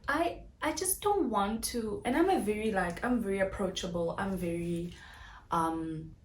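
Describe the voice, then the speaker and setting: A woman's voice: mid-range voice, a little slow. A woman in her thirties, vlogging in earnest and restless fashion, often restarting her sentences as she searches for words. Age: 30s. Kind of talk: casual direct-to-camera vlog. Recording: echoey room with faint background noise.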